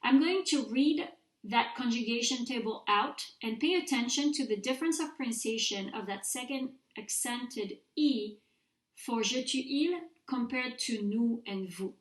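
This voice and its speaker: A woman's voice: a little high, a little slow. Woman teaching French verbs, echoey room. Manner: patient, clear, models pronunciation for repetition. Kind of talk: recorded mini-lecture.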